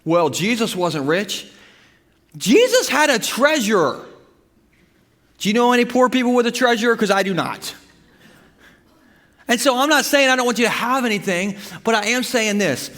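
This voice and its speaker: A male pastor preaching a sermon, his high voice ringing with long reverb through a church sanctuary. He tells stories in an animated, humorous way with sudden bursts of emphasis. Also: normal speed, long pauses. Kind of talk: sermon with storytelling.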